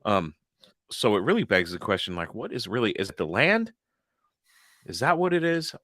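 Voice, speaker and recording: A man's voice: fairly low pitch, big pitch swings, normal speed, fairly bright tone, dry recording, clean studio sound. A young man co-hosting a paranormal podcast in a loose, joking chat, laughing often and swearing freely. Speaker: podcast co-host. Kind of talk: casual chat.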